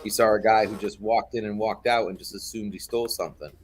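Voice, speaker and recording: A man's voice: fairly low pitch, steady tone, fast. A man telling a heated story in casual chat on a live online show, swearing often.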